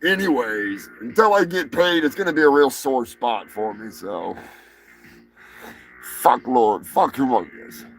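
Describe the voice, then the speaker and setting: A man hosting a live show, ranting crudely and swearing constantly, with bursts of shouting. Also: medium pitch, lively intonation, a little slow, faint music behind. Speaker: show host. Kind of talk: profane live-stream rant.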